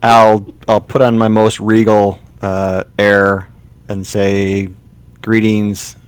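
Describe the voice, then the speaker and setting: A man's voice: lowish voice, completely flat delivery, slow, clean tone, dry recording. A man playing a tabletop game, talking in a polite, careful way. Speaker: player. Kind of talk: casual game talk.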